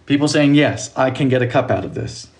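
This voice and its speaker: A man's voice: mid-range voice, a little fast. A young man chatting casually while baking on a livestream, reading out viewer comments with playful exclamations. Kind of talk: casual live baking stream chat.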